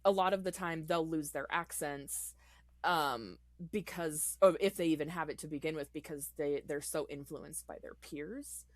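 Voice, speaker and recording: Lower-voiced woman, hesitant podcast chat. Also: moderate pace, no echo. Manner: hesitant, laughs between thoughts, many fillers. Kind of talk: casual chat.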